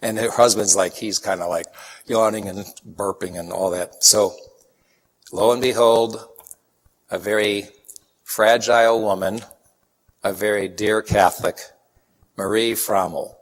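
A man from Chicago delivers a sermon in a fairly low voice, telling homely anecdotes and acting out the people in them. His voice carries a long reverb from a large hall. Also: unhurried, long pauses. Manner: folksy, animated anecdotes with acted-out quotes. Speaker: preacher. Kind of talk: sermon with storytelling.

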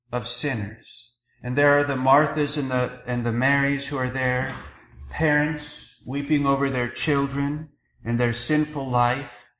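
A man preaching a sermon as a priest, earnest and measured, pausing between phrases. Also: medium pitch, fairly bright tone, echoey room, slight background noise, poor audio. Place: church.

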